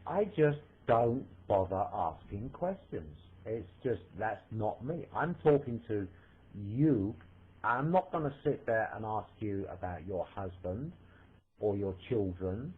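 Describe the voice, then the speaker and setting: A man's voice: lowish voice, expressive, slow, husky. A man in a voice chat room, defensive and hesitant, rambling as he explains himself. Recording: tinny phone-like line.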